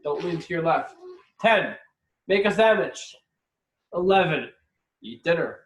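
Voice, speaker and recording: A man's voice: fairly high pitch, animated, a little slow, roomy sound, low-quality recording. A man giving an informal, chatty lesson with joking asides. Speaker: teacher explaining a ritual meal. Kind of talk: informal instructional talk with joke-telling.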